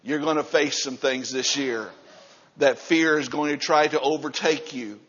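A man preaching a sermon as pastor, moving from low, quiet passages up to loud, shouting stretches. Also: steady tone, measured pace, husky, lo-fi sound.

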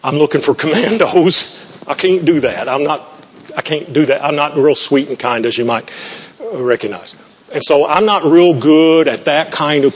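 Folksy joking preacher in a hall. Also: male voice, a little high, moderate pace, husky. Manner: folksy, joking, self-deprecating. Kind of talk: sermon. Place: church sanctuary. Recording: muffled, with long hall reverb.

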